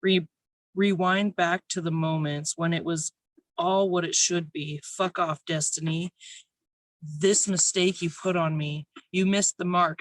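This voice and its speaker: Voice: medium pitch, fairly even intonation, measured pace, no room sound. A poet reading their own spoken word poems at an online open mic, nervous but intense.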